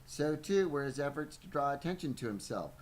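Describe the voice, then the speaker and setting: A man's voice: a little high, expressive, fairly quick, a little hiss or hum, rough recording. A man reading a book aloud on a podcast, stumbling now and then and breaking off for playful asides. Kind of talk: live book reading with banter.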